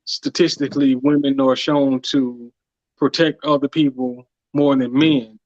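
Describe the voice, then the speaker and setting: A man co-hosting a casual podcast, speaking haltingly with many restarts as he questions a point. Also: mid-range voice, flat delivery, a little mellow, no room sound. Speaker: podcast co-host. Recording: dry, dull lo-fi sound.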